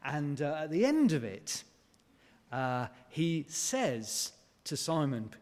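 A man preaching a sermon in a conversational way, asking rhetorical questions and pausing on fillers. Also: on the high side, sing-song, a little mellow. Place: church. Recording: long church reverb.

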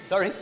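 Lively man with a sing-song voice in a church. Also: extremely high pitch, very noisy. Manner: animated, chatty, coaxing the children. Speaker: preacher leading a children's talk. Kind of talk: playful all-age church talk with props. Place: large church. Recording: echoey church hall with long reverb.

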